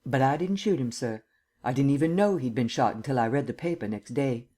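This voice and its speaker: A man's voice: medium pitch, a little fast, close to an everyday voice. A man doing a nervous Southern army captain. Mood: tense, guarded. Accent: American Southern. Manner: quiet, hesitant, clipped replies. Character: nervous army captain, tall stiff soldier.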